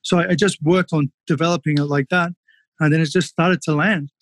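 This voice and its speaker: A man, a former kickboxer, telling fight stories casually on a podcast, animated and swearing freely. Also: a little high, a little fast, no echo. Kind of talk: casual storytelling.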